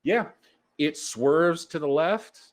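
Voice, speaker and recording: A man narrating as game master of a tabletop role-playing session, with a laid-back, drawn-out delivery. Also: fairly high pitch.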